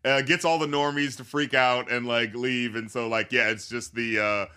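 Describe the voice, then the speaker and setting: A man's voice: mid-range voice, steady tone, normal speed, pushed and bright, smooth. A man casually discussing a film on a podcast, rambling with many fillers, frequent swearing and laughter. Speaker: podcast co-host.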